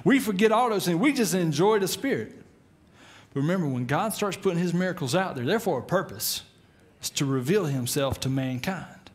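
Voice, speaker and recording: A middle-aged man preaching to his church. His voice sits a little high for a man. He tells the story with animated put-on voices and keeps chuckling along the way. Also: normal speed. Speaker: pastor. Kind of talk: sermon.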